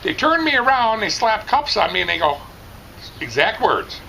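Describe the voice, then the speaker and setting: A middle-aged man telling a rambling, animated story, casually chatting outdoors at a barbecue competition. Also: high-pitched, normal speed, vocal fry, a little hiss or hum, poor audio.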